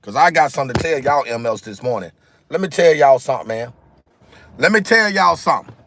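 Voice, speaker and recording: Live-streaming from his car on a phone camera, out in the sunlight, a man rants straight at his viewers, repeating himself with heavy emphasis. His medium-pitched voice is expressive, fairly quick and a bit bright, and the recording is dry.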